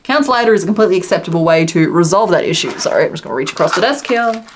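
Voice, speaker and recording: A woman's voice: lowish voice, expressive, racing, background noise. Woman streamer, casual crafting chat, laughs a lot, mumbles stitch counts. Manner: chatty and apologetic, laughs often, counts stitches under her breath. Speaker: crochet livestream host. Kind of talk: casual live-stream chat while crocheting.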